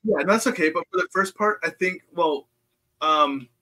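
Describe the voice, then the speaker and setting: A man's voice: on the high side, normal speed, bright, forceful tone. A middle-aged man, a guest on a chat show, talking in an outgoing way and laughing often, recorded on a remote call from home. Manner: outgoing, laughs often, talks about himself readily. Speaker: guest psychic medium. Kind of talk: casual chat. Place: home in Nebraska.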